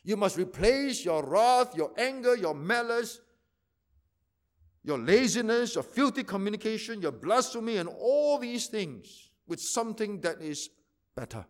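A pastor preaching a sermon, repeating phrases for emphasis and swinging from loud to quiet. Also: male voice, sits high, sing-song, a little slow.

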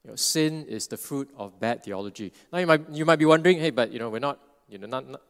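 A man's voice: medium pitch, fast talker, in a large hall. A man preaching an expository sermon, earnest and explanatory, often restarting phrases and checking in with "right?".

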